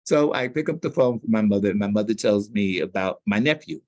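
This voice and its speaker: A man in a sit-down interview, spinning anecdotes with loose street slang. His pitch swings widely as he tells a story, and the recording is close and dry, with no room echo. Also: expressive, fairly quick, a little mellow, lo-fi sound. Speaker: public relations consultant, interview guest.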